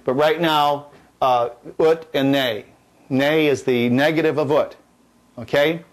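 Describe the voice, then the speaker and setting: A man's voice: on the high side, steady tone, takes it slowly. A middle-aged man teaching Latin at a whiteboard in a classroom, folksy and jokey, repeating key points and restarting his sentences.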